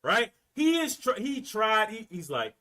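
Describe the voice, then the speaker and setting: A man from Florida telling a story in a casual, animated rant, full of profanity and repeated words. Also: high voice, a little slow. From Florida, US South. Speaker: commentator.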